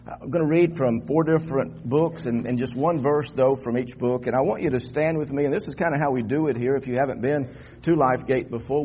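A man's voice: mid-range voice, dark tone, a little hiss or hum. Older guy pastor preaching in church, easygoing then all fired up, kinda dull recording. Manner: conversational preaching that climbs into fervent emphasis. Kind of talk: Easter sermon. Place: church sanctuary.

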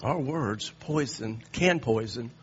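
A man's voice: mid-range voice, animated, takes it slowly, highs cut off, a little hiss or hum. A man preaching a sermon, emphatic and repetitive, restarting phrases as he drives each point home.

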